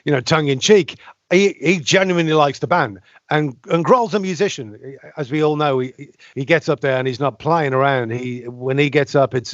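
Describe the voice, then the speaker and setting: A man co-hosting a podcast in casual chat, animated and prone to restarts and talking over others. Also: on the high side, dry recording, highs cut off. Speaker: podcast co-host.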